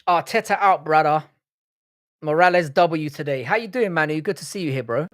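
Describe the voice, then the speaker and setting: A man's voice: fairly high pitch, brisk, no room sound, studio quality. Man bantering on a live stream. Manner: swearing, bantering, rambling with restarts. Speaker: livestream host. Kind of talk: casual live-stream chat, reacting to comments.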